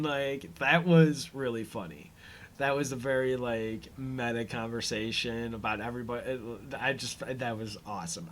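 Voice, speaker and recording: A man's voice: medium pitch, a bit bright. A man hosts a loose recap podcast in his ordinary mid-range voice. He rambles through the episode with plenty of ums and likes, chuckles now and then, and slips into brief throwaway voices whenever he quotes a character. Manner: rambling, filler-heavy, chuckling as he retells scenes; acts out characters' lines in quick offhand voices. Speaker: podcast host. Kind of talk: casual episode recap commentary.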